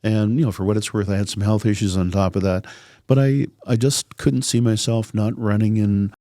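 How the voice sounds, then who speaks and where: Raspy middle-aged councillor, easygoing and joking, mellow dark tone, dry close sound. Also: male voice, on the low side, fairly even intonation, moderate pace, no room sound. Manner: easygoing, joking, talks in loose rambling phrases. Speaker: city councillor and podcast guest. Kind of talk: casual podcast interview.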